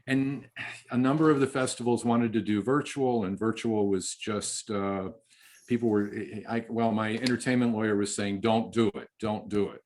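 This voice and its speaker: A man, a film director, answering interview questions in a halting, heartfelt way with many restarts. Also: on the low side, fairly even intonation, darkish tone, slight background noise.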